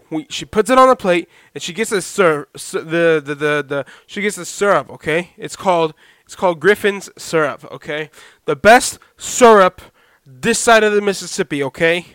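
A young man hosting a solo podcast, talking loudly to listeners on a badly set microphone and checking in with "okay?" and "all right?" again and again. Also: fairly high pitch, clean tone, no echo, clean studio sound. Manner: loud, talks to listeners with repeated "okay?". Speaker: podcast host. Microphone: poorly set podcast microphone.

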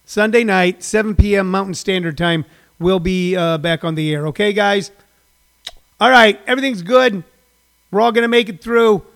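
A man's voice: sits high, creaky, a bit bright. A man in his sixties, a comedian hosting a daily livestream, rambling through stories with many fillers and restarts. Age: 60s. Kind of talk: casual rambling monologue.

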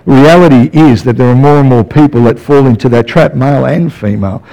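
This pastor speaks at medium pitch, fairly quickly, with a warm tone, giving a conversational sermon and repeatedly checking in with his church via "yeah?". The recording is rough.

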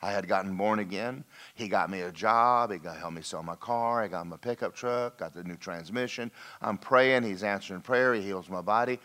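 A middle-aged pastor delivers a sermon full of folksy stories, swinging from loud calls to the crowd to hushed, emotional passages. His voice is lowish, at a moderate pace with few pauses.

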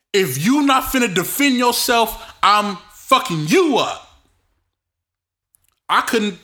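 A man hosting his own podcast, telling personal stories in an animated, expressive way and using casual street slang. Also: high-pitched. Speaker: podcast host. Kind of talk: casual solo podcast storytelling.

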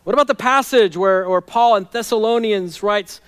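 A male pastor with a notably high voice delivers an impassioned sermon. He swings from quiet, hushed stretches to loud, pleading scripture readings. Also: moderate pace, few pauses, smooth.

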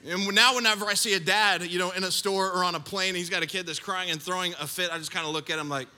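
Speaking fast, a middle-aged pastor delivers a sermon with a high, very bright voice that echoes with long reverb around a big church hall. His stories are animated, full of playful jokes at his own expense.

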